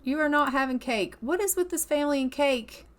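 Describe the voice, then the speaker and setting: A woman's voice: sits high, a little fast. A woman chatting affectionately as she narrates a life-sim game, often laughing. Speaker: gameplay commentator. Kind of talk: casual let's-play commentary.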